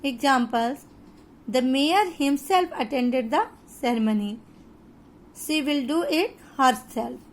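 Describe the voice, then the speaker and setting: In a high-sitting voice, an Indian English–accented woman leads an online grammar lesson, taking her explanations slowly and deliberately with pauses.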